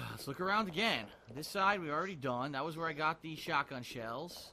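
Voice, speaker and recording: A man's voice: fairly high pitch, moderate pace, bright, forceful tone, a little hiss or hum. A man muttering his way through a video game, frustrated and swearing often. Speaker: let's play gamer. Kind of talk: live gameplay commentary.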